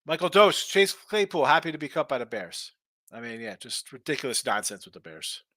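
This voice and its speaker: A man's voice: medium pitch, very animated, fairly quick, pushed and bright, no room sound. A middle-aged man hosting a sports betting show, chatting casually and bluntly ranting while reading viewer comments.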